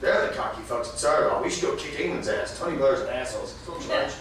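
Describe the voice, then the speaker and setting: A man doing a stand-up set in a small club, from Massachusetts, rambling with many fillers and bursts of shouting. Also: medium pitch, fast talker. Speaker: stand-up comedian. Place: small comedy club, live audience. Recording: very echoey room, distant mic, faint noise.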